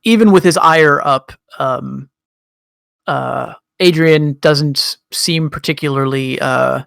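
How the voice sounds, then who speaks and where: Gravelly game master narrating. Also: male voice, on the high side, dry recording, studio quality. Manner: relaxed, with frequent ums and pauses.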